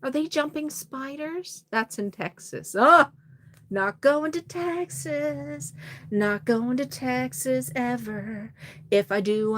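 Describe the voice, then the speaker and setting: A woman's voice: fairly high pitch, a bit bright, slight background noise. A woman hosting a casual livestream, reading out viewer comments and chatting back with laughs and exclamations. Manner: chatty, reads comments aloud and reacts with laughs.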